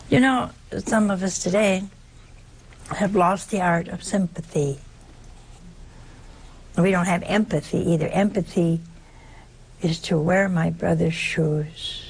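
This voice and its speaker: A woman delivers a sermon in a gravelly, fry-edged voice. She keeps firing rhetorical questions at her listeners and acts out short exchanges as she goes. Faint background noise sits under the recording. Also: on the low side, darkish tone. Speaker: preacher.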